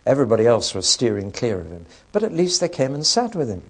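Man, Bible lecture, conversational, wry asides, rhetorical questions, mid-pitched voice. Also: sing-song, fast. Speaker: Bible teacher.

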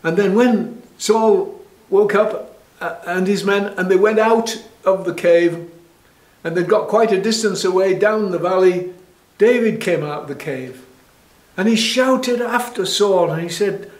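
Lively man telling a Bible story. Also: high-pitched, measured pace. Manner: lively, animated, with restarts. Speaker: church storyteller. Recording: echoey room.

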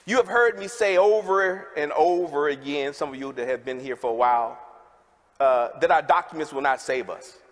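A man's voice: a little high, normal speed. A man preaching a sermon in a large worship hall, folksy and calling out to the congregation. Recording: long hall reverb.

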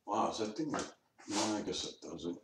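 A man's voice: on the low side, moderate pace, distant mic. A man rambling and swearing to himself at home, grumbling and talking to his dog. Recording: echoey room, off-mic, faint noise.

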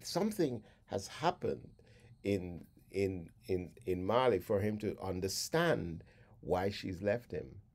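A man lecturing thoughtfully on song lyrics. His voice sits low and dark, with a husky grain. He speaks deliberately and sometimes sinks to a near-hush. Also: expressive. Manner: deliberate, reflective, drops to a hush at moments. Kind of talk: spoken lecture.

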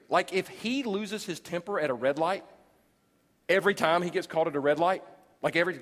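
A man in his forties preaching a sermon as pastor, animated and jokey, acting out people he talks about. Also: high voice, normal speed, long pauses. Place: large church auditorium. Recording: long hall reverb.

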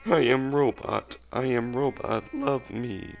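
A man voicing a jock robot frog villager in a slow, breathy, robotic drone. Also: medium pitch, pitched above the performer's own voice.

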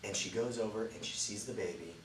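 A man teaching a children's Bible lesson as a lively storyteller, swinging between loud and hushed delivery. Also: on the low side, fast talker. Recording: roomy, distant mic, faint ambient noise.

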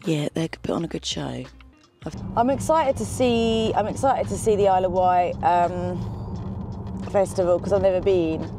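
Excitable woman chatting on a road trip. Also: fairly low pitch, normal speed, music in the background. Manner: chatty, excitable, swears casually. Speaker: vlogger. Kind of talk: casual road-trip chat. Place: in a car on the road. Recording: road noise behind. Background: car and road noise.

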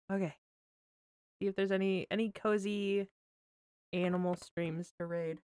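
A woman game streamer chatting casually while tearful and crying, talking in an emotional, halting way and laughing through her tears. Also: mid-range voice, fairly even intonation, darkish tone, clean tone, dry recording, clean studio sound. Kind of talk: casual livestream chat.

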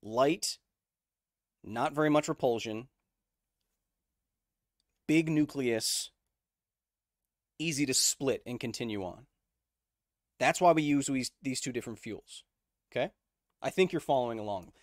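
A man's voice: mid-range voice, measured pace, long pauses, no room sound, studio quality. A man hosting a casual livestream, explaining science conversationally, checking in with viewers and answering their chat messages. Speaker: host.

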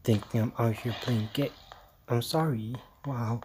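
A man playing a horror game, muttering jittery, exasperated commentary with hushed asides. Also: mid-range voice, steady tone, unhurried, background noise. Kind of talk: let's-play commentary.

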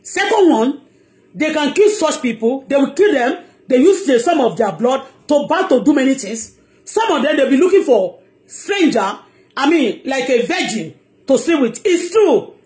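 A woman's voice: high voice, very animated, moderate pace, a little mellow. A woman with a Nigerian accent giving an impassioned, heated monologue on her blog, emphatic and repeating herself. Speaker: online blogger.

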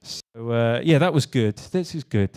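A man's voice: mid-range voice, animated, a little slow, a little mellow, smooth. A young English man from the West Country giving a casual talk to a live audience, joking and swearing as he banters with the crowd. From West Country, England. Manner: self-deprecating, sweary, jokey banter with the audience. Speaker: speaker at a creative talk. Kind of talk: casual stand-up style talk. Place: live event venue with audience.

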